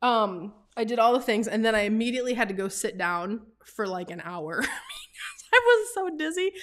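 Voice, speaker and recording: A woman in her forties telling a story casually to camera, animated and laughing often, with many fillers. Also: mid-range voice. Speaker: travel business vlogger.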